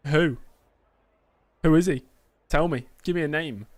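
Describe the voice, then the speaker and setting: Speaking at a measured pace in a slightly high voice, a streamer plays a racing game and jokes with chat through a mock press conference, addressing viewers as "mate." There's no room sound. The setting is an indoor stream setup with a green screen.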